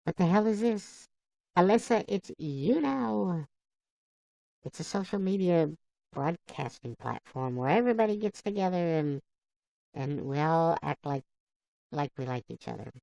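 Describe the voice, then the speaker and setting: A woman hosting a live stream, chatting casually and haltingly as she answers viewers by name. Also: fairly low pitch, animated, creaky, dark tone, no room sound. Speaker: livestream host. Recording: dull lo-fi dry sound.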